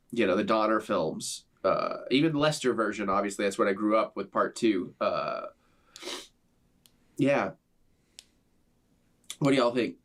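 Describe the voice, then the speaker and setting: A man's voice: mid-range voice, fairly bright tone. A man in a video reacting to a film trailer, rambling earnestly and gushing as a devoted fan. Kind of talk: enthusiastic fan reaction commentary.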